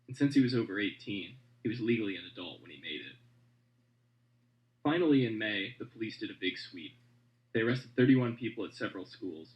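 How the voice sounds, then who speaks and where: A man reporting in measured, scripted radio narration and asking interview questions. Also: on the low side, low-quality recording.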